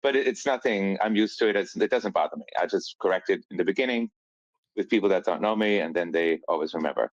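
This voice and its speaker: A man's voice: deep voice, quick pace, dry recording, lo-fi sound. A man from Austria, a brand founder telling stories as a podcast guest and acting out quoted lines. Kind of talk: casual storytelling.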